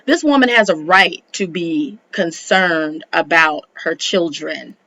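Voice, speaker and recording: A woman reviewing reality TV in a chatty, sassy recap, often jumping up high for exclamations. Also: takes it slowly, bright, forceful tone, rough recording. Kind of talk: casual gossip recap commentary.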